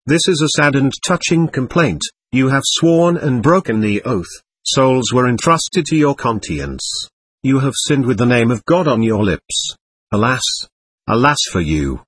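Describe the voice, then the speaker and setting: Male narrator, husky, dry mic, solemn and measured reading. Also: medium pitch, lively intonation, no room sound. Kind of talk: scripted narration of a visionary text.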